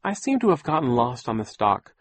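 A man's voice: mid-range voice, big pitch swings, a little fast. A man voicing a brave, resourceful teenage girl in an audiobook, speaking urgently and pleadingly. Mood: fake polite.

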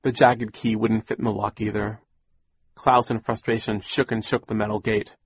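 A man narrating an audiobook in a measured, wry storytelling manner. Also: on the low side, little pitch movement, breathy edge, no echo. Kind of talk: scripted narration.

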